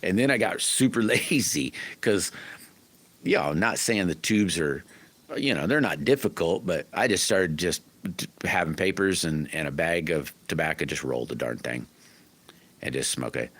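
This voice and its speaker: Middle-aged man, very low voice, folksy rambling livestream chat, many restarts. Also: expressive, moderate pace, a bit bright. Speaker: livestream host. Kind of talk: casual livestream chat answering viewers.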